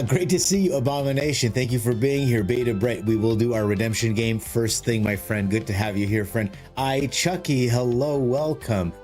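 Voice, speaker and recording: A man's voice: on the low side, darkish tone. A man hosting a casual live stream, rambling and joking as he greets viewers by name. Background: faint music.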